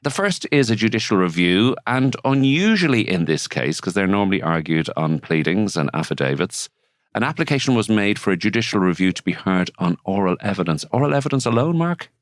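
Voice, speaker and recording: A man's voice: on the low side, sing-song, brisk, dry recording. An Irish man hosting a legal podcast in a studio, chatty and wry, with asides and fillers. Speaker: podcast host, barrister and mediator. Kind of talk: casual legal podcast chat.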